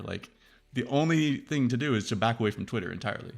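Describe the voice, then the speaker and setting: A man hosting a casual tech chat, rambling and profane, acting out quoted reactions in a lively way. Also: medium pitch, fast talker, soft background music. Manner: animated, acts out quoted reactions.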